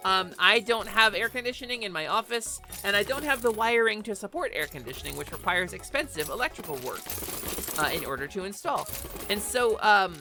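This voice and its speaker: A woman streaming a game live from her home office, chatting in an animated way and swearing freely. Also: mid-range voice, a little fast, over music. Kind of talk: casual live gaming stream chat.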